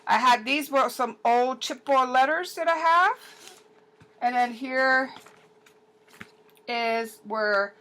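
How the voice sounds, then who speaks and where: Lady showing her handmade album, bit high voice, bright, lots of ums. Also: slight background noise, low-quality recording. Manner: chatty and halting, with many ums and restarts. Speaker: paper crafter showing an album. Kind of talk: casual show-and-tell crafting video.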